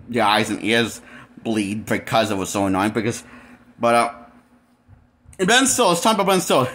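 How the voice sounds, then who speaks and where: A man's voice: mid-range voice, fairly bright tone. A man reviewing a movie in a casual, rambling rant, full of restarts and blunt, exasperated complaints. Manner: rambling, with frequent restarts and fillers. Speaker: movie critic.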